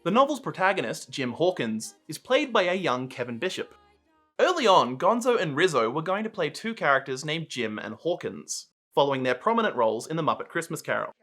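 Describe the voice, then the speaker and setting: A man hosting a video, reading a scripted film essay in a clear, measured way. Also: fairly high pitch, sing-song, bright, forceful tone, faint music behind. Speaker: video host.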